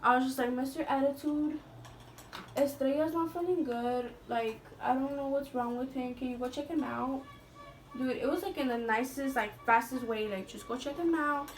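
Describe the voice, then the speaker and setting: A woman's voice: high voice, fairly even intonation, normal speed, slight background noise. A young woman telling a school story in a casual storytime vlog, chatty and swearing, with lots of "like". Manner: chatty, swearing, heavy use of "like".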